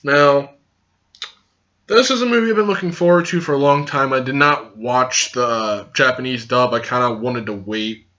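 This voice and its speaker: A young man hosting a casual vlog review, hyper and loud, rambling and swearing freely. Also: medium pitch, normal speed. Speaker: host and reviewer. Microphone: camera recording. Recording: dull lo-fi sound.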